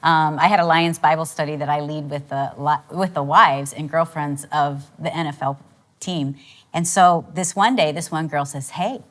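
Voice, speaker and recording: Chatty middle-aged woman, lower voice. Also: fairly even intonation, moderate pace. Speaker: podcast co-host. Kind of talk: casual chat.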